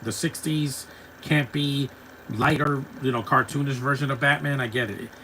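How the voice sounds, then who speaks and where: A man's voice: medium pitch, fairly even intonation, moderate pace, bright, forceful tone, slight background noise, rough recording. A man hosting a live stream, chatting casually and rambling as he reacts to a cartoon and answers his chat. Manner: chatty, rambling, laughs easily, talks back to chat.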